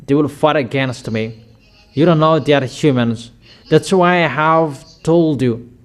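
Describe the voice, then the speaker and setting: A man preaching in a slightly raised voice, laying down each statement slowly and firmly. He repeats key lines for emphasis and keeps a deliberate, measured pace throughout his sermon. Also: a little high. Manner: slow, emphatic declarations with frequent repetition.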